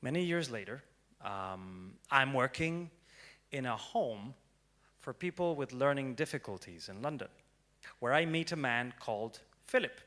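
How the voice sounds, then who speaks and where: Young guy on stage telling a story, bright voice, goes quiet then loud, pretty dramatic. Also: mid-range voice, animated, a little slow. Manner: dramatic, swings from hushed to loud. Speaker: speaker. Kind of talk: prepared storytelling talk. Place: stage before an audience.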